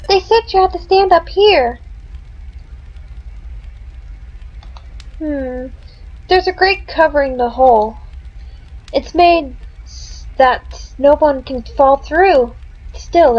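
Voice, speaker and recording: A woman's voice: sits high, takes it slowly, darkish tone, dull audio. A woman doing a timid, stammering game hero. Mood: puzzled. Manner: stammering, nervous.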